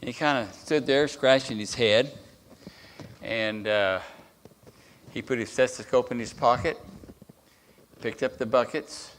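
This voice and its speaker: A man's voice: mid-range voice, unhurried, long pauses, a little hiss or hum. A man preaching as a guest speaker, telling a story in a sermon with restarts and filler words.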